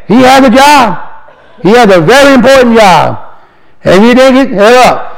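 Guy with a pretty high voice preaching to the church, reads verses out slow, keeps asking the room questions. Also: animated, creaky, low-quality recording. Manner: earnest and exhorting, reads verses slowly, asks the audience questions. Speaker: lay speaker addressing a congregation. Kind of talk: informal sermon with scripture reading.

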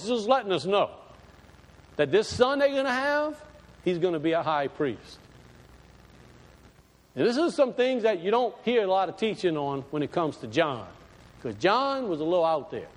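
A man preaching a sermon in a folksy, storytelling way with sudden emphatic swells. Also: high-pitched. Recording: echoey hall.

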